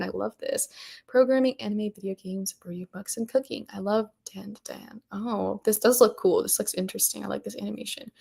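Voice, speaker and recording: A woman with a mid-range voice hosts a workshop stream in an easygoing, chatty way. She gushes, giggles often and fills her talk with "um" and excited exclamations. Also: medium pitch, gravelly, husky. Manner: bubbly, gushing, giggly, frequent "um" and "oh my God". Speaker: workshop host. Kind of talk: casual livestream commentary.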